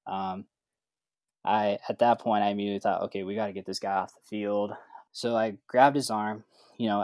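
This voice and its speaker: A certified athletic trainer tells a story in a relaxed, casual way, acting out the quoted dialogue and filling his speech with fillers. His voice sits on the lower side, with no echo.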